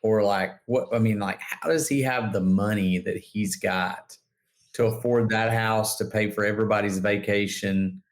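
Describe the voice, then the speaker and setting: Chatty man with a low voice. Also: fairly even intonation, moderate pace. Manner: chatty, lots of fillers and laughs. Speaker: podcast co-host. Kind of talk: casual chat.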